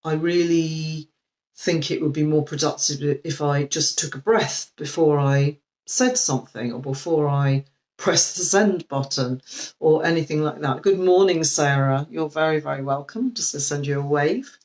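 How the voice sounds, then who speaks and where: A woman coach giving a live video talk, speaking gently and reflectively with frequent ums and restarts. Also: sits low, normal speed, rough recording. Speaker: life coach.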